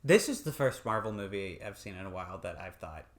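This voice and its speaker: A man's voice: low-pitched, expressive, fairly quick. A man co-hosting a podcast, chatting casually about movies, swearing now and then and laughing often. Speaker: podcast co-host. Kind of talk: casual movie review chat.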